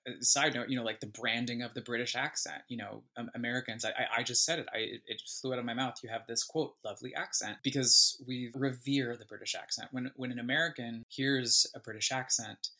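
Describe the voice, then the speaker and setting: A man guest on an interview show talks in a bright, clear tone. He is animated and thoughtful and often stops to restart his sentences, at a middling pitch. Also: a little fast, hardly any pauses. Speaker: guest musician. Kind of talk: casual interview chat.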